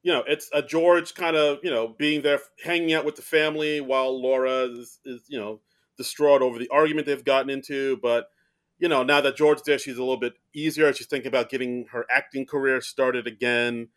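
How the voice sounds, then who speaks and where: A man's voice: medium pitch, fairly even intonation, a little fast, a bit bright. A man co-hosting a casual film review podcast, recapping the plot in a rambling way with many fillers. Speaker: podcast co-host.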